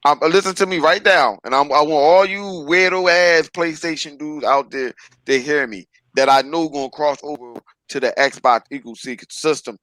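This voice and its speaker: High, bright-voiced man ranting. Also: moderate pace, no room sound, low-quality recording. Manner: profane, preachy, repeats "stop it". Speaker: podcast host. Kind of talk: ranting podcast commentary.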